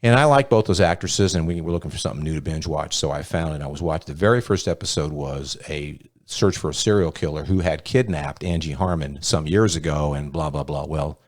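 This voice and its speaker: A man with a very low, deep voice hosts a loose podcast conversation. He rambles through anecdotes and swears freely as he talks. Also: a little fast, few pauses. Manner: profane storyteller, rambling. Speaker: podcast host. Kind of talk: casual chat.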